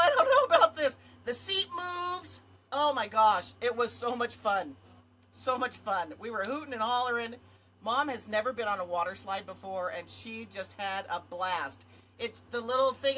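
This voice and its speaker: A woman's voice: mid-range voice, sharp tone, slight background noise. A woman vlogging to her viewers in casual talk, effusive and rambling. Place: home area in Montana.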